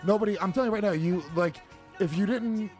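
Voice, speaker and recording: A man's voice: high voice, quick pace, over music. A man hosting a comedy podcast, interrupting and ribbing his co-host while he argues his point. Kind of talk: casual podcast banter.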